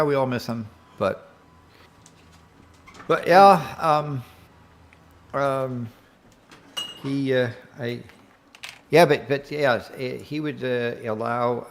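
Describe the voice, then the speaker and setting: Man, mid-pitch, halting with lots of fillers, faint noise behind. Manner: halting, many fillers and restarts. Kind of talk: casual chat.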